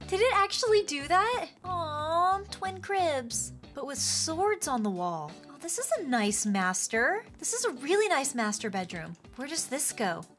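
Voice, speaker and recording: A woman hosting a game video, talking through her play in an excitable, gushing way with frequent gasps. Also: sits high, a little slow, few pauses, faint music behind. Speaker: gaming channel host. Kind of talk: playful game commentary.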